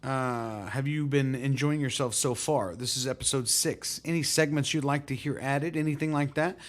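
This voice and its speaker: A man hosting his own music vlog, telling a story in a relaxed, rambling way with lots of fillers. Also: medium pitch, moderate pace. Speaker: host. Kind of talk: casual storytelling to camera.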